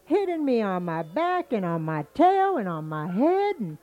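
A woman's voice: mid-range voice, big pitch swings, unhurried, warm tone, lo-fi sound. A woman voicing a grumpy, sleepy male alligator in a told folktale, complaining and aggrieved.

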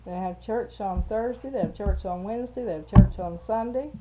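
A woman's voice: mid-range voice, fairly quick, loud music behind the voice. Lady gabbing away, tells long stories, laughs a lot, sounds thin like an old phone recording. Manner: chatty storyteller, laughs often. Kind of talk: casual conversation. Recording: phone-like narrow band.

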